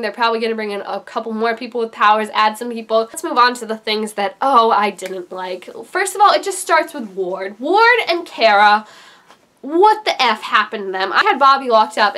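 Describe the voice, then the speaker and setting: A young adult woman giving an excited, gushing recap of a TV episode, her voice leaping up for emphasis. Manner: animated and gushing, jumps high for emphasis. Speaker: TV reaction vlogger.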